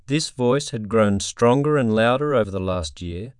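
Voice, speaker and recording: A man narrating a scripted story in a solemn, measured way on a close mic. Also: mid-range voice, expressive, smooth, no room sound.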